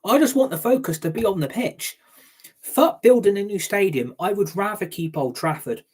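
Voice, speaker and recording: A man's voice: sits high, animated, normal speed, a little mellow, breathy edge. A man giving an angry, heated rant as a football fan, swearing freely. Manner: heated, ranting, heavy swearing. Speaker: football fan channel host.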